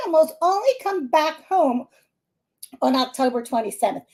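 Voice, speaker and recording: A middle-aged woman with a Philadelphia-area accent, hosting a live stream as a psychic medium and talking to her viewers in a chatty, animated way, laughing often. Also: very high voice, moderate pace.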